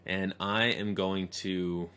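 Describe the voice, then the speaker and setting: Low-voiced man teaching a course. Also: little pitch movement, slow pace, bright, forceful tone, slight background noise. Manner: conversational storyteller. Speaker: course instructor. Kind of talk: online course lesson.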